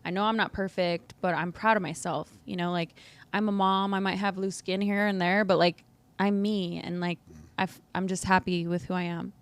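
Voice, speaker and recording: Candid, low-voiced woman podcast guest. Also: level tone, normal speed, clean tone. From United States. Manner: open, upbeat, laughs often, uses "like" a lot. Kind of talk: candid conversational interview.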